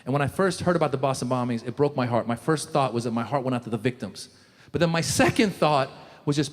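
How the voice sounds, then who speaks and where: A man doing a stand-up comedy set, animated, slipping into loud impressions of the people in his jokes. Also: medium pitch, fast talker. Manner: animated, jumps into shouted impressions. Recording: live show in a large hall.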